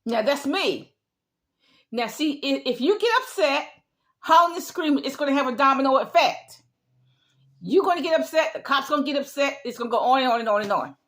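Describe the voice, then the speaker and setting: A woman's voice: high-pitched, animated, fairly quick, fairly bright tone. A middle-aged woman giving an emphatic opinion monologue, repeating her points in a lecturing way. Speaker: vlogger.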